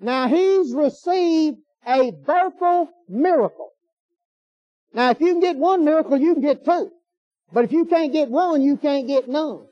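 A man's voice: very high-pitched, measured pace, dark tone, dry recording. A man preaching a sermon in a folksy, emphatic way, firing off rhetorical questions. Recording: dull lo-fi sermon recording.

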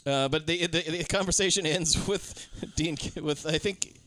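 A man's voice: fairly high pitch, unhurried, a bit bright, a little hiss or hum. A man co-hosting a film podcast, chatting animatedly about a scene and quoting the characters with emphasis. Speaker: podcast co-host. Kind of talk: casual movie discussion.

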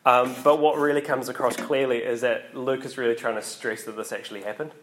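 A man giving a casual, conversational sermon, often pausing with ums and restarting his sentences. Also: medium pitch, steady tone, a bit bright, slight background noise. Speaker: preacher.

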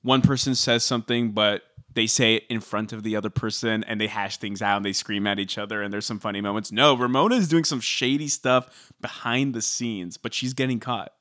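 A man co-hosting a casual chat, animated and opinionated. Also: lowish voice, brisk, few pauses, no room sound, clean studio sound. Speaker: podcast co-host. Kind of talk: casual chat recapping a reality show.

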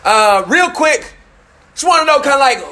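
High-voiced man joking with a crowd. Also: moderate pace. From Memphis. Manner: candid, joking, lively slang. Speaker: youth speaker. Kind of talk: frank talk to a live group. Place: room with a live audience.

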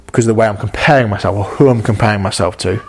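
Earnest husky-voiced man preaching. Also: on the low side, very fast, darkish tone. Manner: earnest, conversational, with frequent stammered repeats. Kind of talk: sermon.

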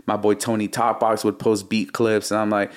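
A man in his thirties, a music producer as interview guest, telling a story in a slangy, animated way and acting out what he said back then. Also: on the low side, normal speed.

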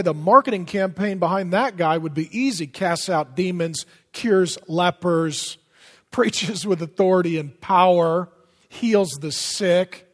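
A high-voiced man preaches with lively energy, jumping from loud bursts to near-whispers. His voice rings out with a long echo from a big hall. The delivery is a pastor's sermon, punchy and conversational. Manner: animated, swings from loud to hushed. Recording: long reverb of a large hall.

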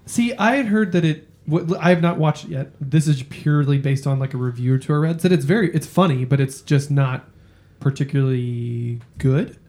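A man's voice: fairly high pitch, normal speed, a little mellow. A man co-hosting a casual podcast over beers, joking and apologizing as he chats. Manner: jokey, laughing, self-deprecating. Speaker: podcast co-host. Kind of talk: casual chat.

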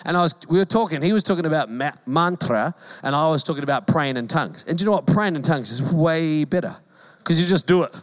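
A man's voice: fairly high pitch, animated, fast talker, hardly any pauses. A New man in his forties, a pastor giving a sermon in a conversational, joking way with emphatic repetition.

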